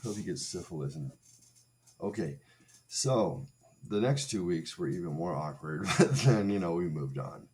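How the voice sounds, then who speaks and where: A man's voice: deep voice, expressive, unhurried, a little mellow. A man in his forties, hosting a livestream, telling a crude comic story in a sarcastic, rambling way with self-mocking asides. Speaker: streamer host.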